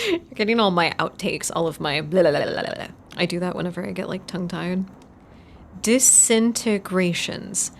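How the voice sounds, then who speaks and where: A woman's voice: on the low side, fairly quick, gravelly, a little hiss or hum. A woman from Texas with a Texan accent, reading a horror story on a live stream, chatty and laughing, tripping over hard words and repeating them.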